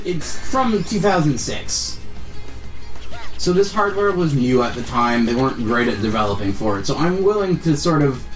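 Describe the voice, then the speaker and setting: Young male streamer, apologetic and self-mocking, mid-pitched, slightly distant mic with faint music behind. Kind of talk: live game stream commentary.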